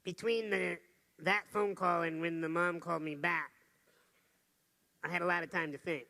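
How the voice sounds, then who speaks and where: A man's voice: sits high, creaky, sharp tone. A man giving a motivational talk to a live audience, telling stories and putting questions to the crowd. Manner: storytelling, asks the audience questions. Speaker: motivational speaker.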